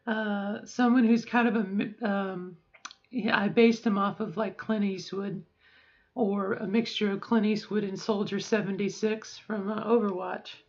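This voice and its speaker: Middle-aged woman, reflective and halting. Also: medium pitch, muffled recording. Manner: reflective, halting, with frequent fillers and restarts. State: strained, sore voice. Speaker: vlogger. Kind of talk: personal video diary. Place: at home.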